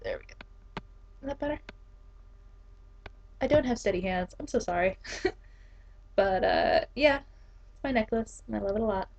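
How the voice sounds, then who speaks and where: A woman's voice: mid-range voice, lively intonation, normal speed, vocal fry, pauses often, darkish tone. A young woman in her twenties, an English teacher, chatting casually to the camera with lots of fillers and laughs. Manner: chatty, giggly, many fillers. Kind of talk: casual vlog talk. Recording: dull lo-fi camera audio.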